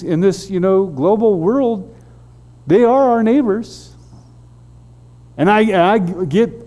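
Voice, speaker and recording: A man preaching a storytelling sermon as a pastor, animated and halting with frequent restarts. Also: high-pitched.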